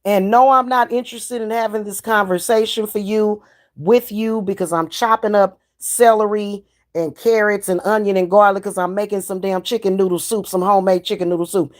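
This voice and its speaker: A woman's voice: mid-range voice, fairly even intonation, moderate pace. A middle-aged woman, ranting in a casual vlog, blunt, heated and profane. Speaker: spiritual reader and vlogger.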